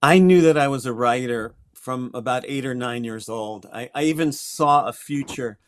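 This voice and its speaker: A man's voice: medium pitch, moderate pace, a little hiss or hum. An older man from Connecticut, a guest astrologer, telling his story in a reflective way with small restarts. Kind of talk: interview conversation.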